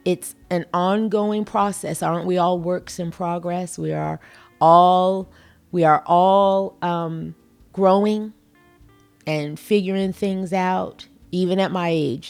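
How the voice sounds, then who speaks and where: A woman's voice: fairly low pitch, steady tone, slow, creaky, darkish tone, clean tone, faint music behind. A middle-aged woman hosting a motivational podcast, earnest and folksy, talking with emphatic conviction. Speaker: podcast host.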